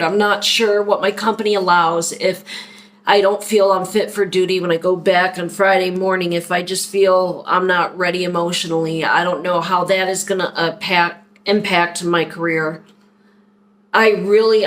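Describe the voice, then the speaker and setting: A woman talking openly and at length in a personal vlog, rambling and heartfelt as she speaks to a viewer. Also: fairly low pitch. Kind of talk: candid personal vlog talk.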